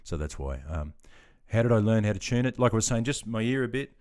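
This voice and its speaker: A fifty-something Australian man with a lowish voice talks easily on a live stream. He reads viewer comments aloud and answers in a relaxed, friendly way, laughing often. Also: quick pace. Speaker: live streamer, army veteran. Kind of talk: casual live-stream chat.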